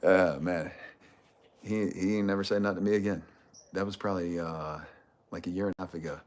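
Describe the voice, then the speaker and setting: A man's voice: sits low, fairly even intonation, a little fast. A middle-aged man telling a profane, swaggering story on a livestream, speaking into a phone held at arm's length out in a yard. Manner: profane, swaggering, laughs between lines. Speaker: vlogger hosting a giveaway livestream. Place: outdoors in a yard.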